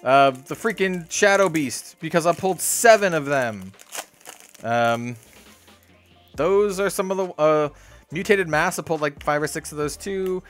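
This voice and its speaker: A young man hosting a card-opening video in a small hot room, rambling and excitable, talking about being sweaty and needing to calm down. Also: a little high, a little slow, faint music behind. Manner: excitable, rambling, lots of "dude" and "like". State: sweaty and worked up. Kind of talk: casual case-opening commentary.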